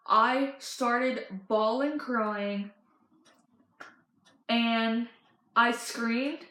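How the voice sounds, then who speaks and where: A teenage girl vlogging about movies she loves, telling stories in a gushing, excited way with lots of fillers and restarts. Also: a little high, roomy sound, rough recording. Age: teens. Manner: gushing, breathless storytelling with many fillers and restarts. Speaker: fan vlogger. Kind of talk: excited casual chat.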